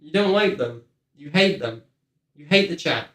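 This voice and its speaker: A high-voiced man chats playfully on a live game stream, teasing his audience and cooing softly to his cat. His voice bounces around a roomy home space with a clear echo. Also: animated, normal speed. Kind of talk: casual live-stream chat.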